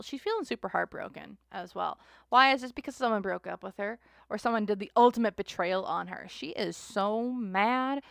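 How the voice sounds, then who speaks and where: Chatty gravelly-voiced woman tarot reader. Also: medium pitch, normal speed, few pauses, a bit bright, dry recording, clean studio sound. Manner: chatty, rambling, voices others in mocking asides. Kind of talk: casual livestream chat.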